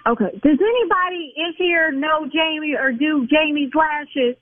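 A woman's voice: high-pitched, unhurried, dry recording. A woman who runs a lash salon, arguing on the phone in an exasperated, scolding, defensive way. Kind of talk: heated phone argument. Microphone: telephone. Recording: tinny phone line.

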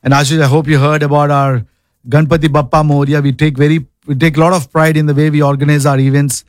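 A man's voice: a little high, little pitch movement, fast, no echo. A man hosting a radio call-in show from a studio, upbeat and reading ads between callers. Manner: upbeat, repeats the call-in number.

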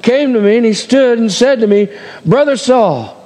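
A man's voice: extremely high pitch, expressive, moderate pace, a little mellow, in a large hall. A man preaching a sermon, reading scripture aloud and acting out the voices with dramatic swings and chuckles. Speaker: pastor.

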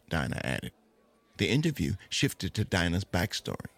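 A man's voice: deep voice, big pitch swings, moderate pace, fairly bright tone. A man telling a true-life story aloud, lingering on its dramatic moments.

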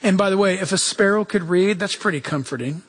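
A male pastor preaching a lively sermon, acting out quoted voices and chuckling as he goes. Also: sits high, a little fast, breathy edge.

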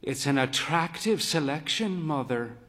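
A slight, mischievous man in late middle age, voiced by the reader speaks in a dry, wry manner. His voice rises and falls with a lilt. He takes his words slowly. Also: a little high, lively intonation, a bit bright. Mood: wry, playful.

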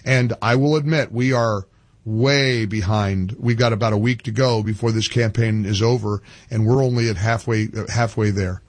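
A man's voice: fairly even intonation, moderate pace, dry recording. An older man hosting a radio talk show, ranting with rising passion and repeating himself. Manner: impassioned, climbs high when ranting, repeats phrases.

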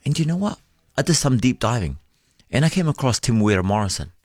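A man's voice: mid-range voice, sing-song, quick pace, no room sound, clean studio sound. A man with a New Zealand accent co-hosting a radio show, chatting in a laid-back way and saying "bro" often. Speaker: radio host. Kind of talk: casual radio banter. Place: radio studio.

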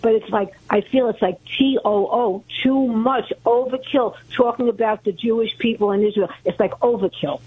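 A woman's voice: on the high side, moderate pace, few pauses, husky. A woman from Brooklyn calling in to a talk radio show, chatty and earnest. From Brooklyn, New York. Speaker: caller. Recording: tinny phone line.

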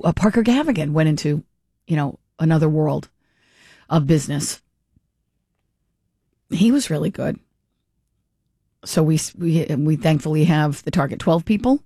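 A woman's voice: sits low, a little slow, pauses often, dark tone, no room sound, clean studio sound. A woman hosting a talk radio show, giving chatty, opinionated political commentary with frequent restarts.

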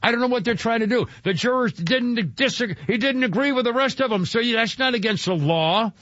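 A man's voice: extremely high pitch, brisk, a bit bright, dry recording. A man in his seventies hosting a talk radio show, rambling and chuckling with lots of restarts. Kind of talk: casual talk radio chat. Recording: dull lo-fi radio broadcast, dry.

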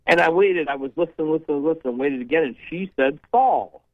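A man's voice: a little high, fast, dry recording. Chatty male caller on a phone line. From Northeast Ohio. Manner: chatty, storytelling, blunt. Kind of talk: casual call-in chat.

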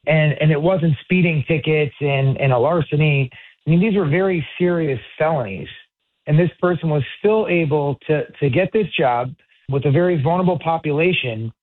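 Earnest man on a tinny phone line. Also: on the high side. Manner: earnest, halting restarts. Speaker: state senator. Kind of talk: interview clip.

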